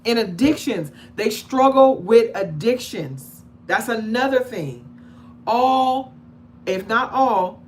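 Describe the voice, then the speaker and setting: A woman talking casually to her audience about relationships in an animated way, acting out the people she describes and checking in with questions. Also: a little high, a little hiss or hum. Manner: conversational, asks the audience questions. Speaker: relationship commentator. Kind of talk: casual monologue to camera.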